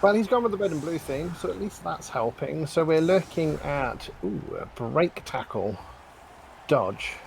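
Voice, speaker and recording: A man's voice: a little high, lively intonation, unhurried, vocal fry, a little mellow, a little hiss or hum. A man commentating a video game match in casual style, with joking, self-deprecating banter and the odd swear.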